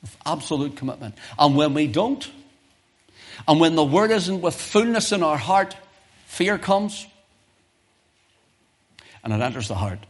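A man's voice: animated, slow pace, long pauses. Emphatic man preaching a sermon. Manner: emphatic, swells loud and high on key questions, drops soft for explanation; reads scripture in old-fashioned King James wording. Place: church.

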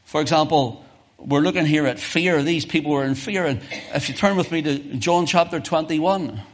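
Delivering a sermon at a moderate pace, a man with a somewhat high voice for a man reads scripture in antiquated language and challenges his audience with questions. His emphatic delivery climbs loud and high on key questions and softens when he explains.

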